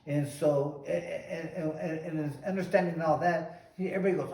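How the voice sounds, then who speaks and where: A man hosting a show and telling a long story in an animated, casual way, often repeating "he goes". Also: fairly high pitch, brisk, vocal fry. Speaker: host, former boxer. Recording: roomy echo, distant mic.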